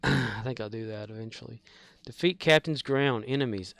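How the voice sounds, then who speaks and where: A man's voice: medium pitch, moderate pace, creaky, a bit bright. A man streaming a game, chatting casually in a meandering, folksy way with many fillers and restarts and some mild swearing. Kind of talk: casual rambling chat while gaming.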